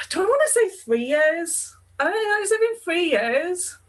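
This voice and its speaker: A woman's voice: very high voice, very animated, unhurried, fairly bright tone, low-quality recording. A young woman from the UK hosting a sewing podcast, chatting casually with her mother and laughing often. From United Kingdom. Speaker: podcast host.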